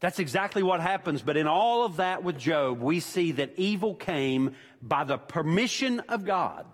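A man's voice: fairly high pitch, expressive, normal speed. A man preaching a sermon as pastor, emphatic and repeating his key points for weight. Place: church sanctuary. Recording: long church-hall reverb.

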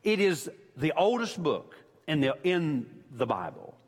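A man's voice: a little high, very animated, measured pace, slightly rough. Man, pastor, emphatic sermon, repeats his points, long church-hall reverb. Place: church sanctuary.

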